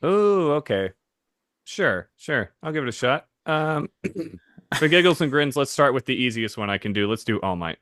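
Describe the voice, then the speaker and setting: A man co-hosting a podcast in casual chat, animated and often restarting his sentences. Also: mid-range voice, moderate pace, dry recording. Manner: animated, self-interrupting. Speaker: podcast co-host.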